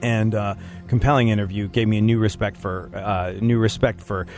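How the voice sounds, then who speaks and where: Guy hosting a radio show, rambly and jokey, laughs a lot, soft music in the back. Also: fairly low pitch, fairly even intonation, normal speed. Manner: rambling, joking, laughs often. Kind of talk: casual banter on a radio show.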